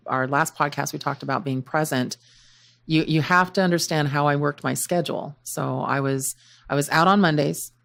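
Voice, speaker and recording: A woman's voice: deep voice, vocal fry. A woman in her forties co-hosting a podcast, earnestly telling a personal story. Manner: earnest storyteller, voices other people. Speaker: podcast co-host. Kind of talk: casual chat.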